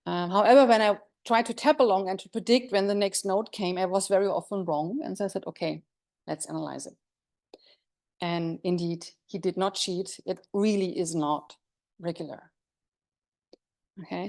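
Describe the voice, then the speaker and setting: A woman's voice: medium pitch, darkish tone. A woman lecturer giving an academic conference talk, explaining step by step with frequent fillers and self-corrections and asking the audience questions.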